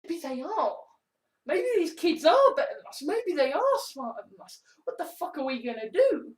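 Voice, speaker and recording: A woman's voice: high voice, big pitch swings, normal speed. A woman vlogger talking casually to camera in a rambling, exasperated way, swearing freely. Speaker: YouTube vlogger. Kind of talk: casual vlog monologue.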